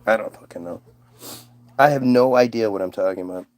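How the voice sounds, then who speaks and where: A man's voice: lowish voice, a little fast, darkish tone. A man from the United States hosting a casual livestream, reading chat aloud in a rambling, profane, self-mocking way.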